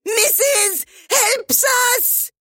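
A man voicing an excitable little female creature in an audiobook, squeaky and breathless, with broken grammar. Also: extremely slow, no room sound, studio quality, full character voice. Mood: frantic. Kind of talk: audiobook character voice.

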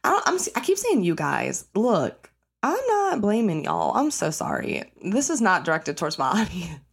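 A young woman hosting her own podcast, ranting casually and bluntly with lots of swearing, jumping into high mock-outraged bursts. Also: moderate pace, gravelly, husky. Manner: blunt, profane, animated, breaks into high-pitched mock outrage. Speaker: podcast host. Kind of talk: casual solo rant.

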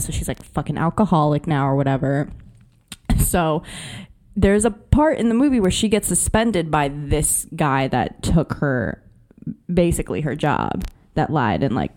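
A woman's voice: low voice, darkish tone. A woman co-hosting a podcast, retelling a film in casual slangy chat, swearing and laughing as she goes. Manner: slangy, profane, laughing storyteller. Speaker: podcast co-host.

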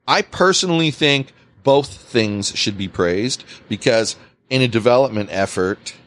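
A man hosting a podcast, telling a work story in casual chat, swearing freely. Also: unhurried. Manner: animated, swings pitch widely, swears freely. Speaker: podcast host.

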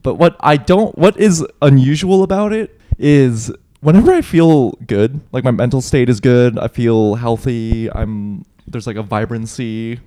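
A man's voice: medium pitch, measured pace, hardly any pauses. A man co-hosting a podcast, chatting casually, joking and laughing often. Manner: jokey, laughs often, animated. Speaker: podcast co-host. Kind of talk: casual chat.

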